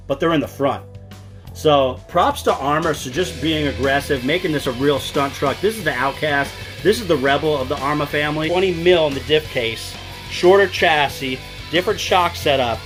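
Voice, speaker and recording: A man's voice: fairly high pitch, fairly bright tone. An enthusiastic, chatty man, giving a casual product walkthrough with many fillers. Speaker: RC product reviewer. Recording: music playing underneath.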